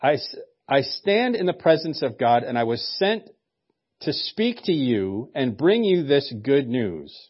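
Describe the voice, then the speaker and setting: A man's voice: medium pitch, sing-song, unhurried, muffled recording. A man voicing a stern, annoyed male angel messenger with clipped, exasperated declarations.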